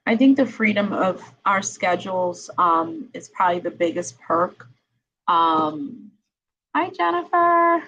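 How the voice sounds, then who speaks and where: A woman's voice: lowish voice, steady tone, a little slow, fairly bright tone, slightly rough, muffled recording. A middle-aged woman hosting a live-streamed interview podcast from home. She chats casually and laughs often, with many ums and tag questions. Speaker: podcast host, attorney.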